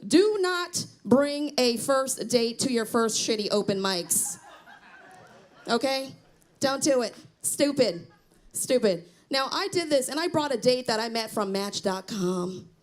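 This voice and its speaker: A woman's voice: on the high side, animated, a little slow. A middle-aged woman doing a self-deprecating stand-up comedy set on a small theater stage, chatting with the crowd. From Cambodian heritage.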